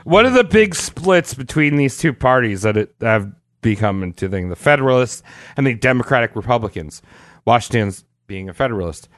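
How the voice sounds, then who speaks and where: A man's voice: medium pitch, animated, brisk, a bit bright, dry recording, clean studio sound. A man co-hosting a casual comedic history podcast, explaining events at length with crude jokes and frequent laughs.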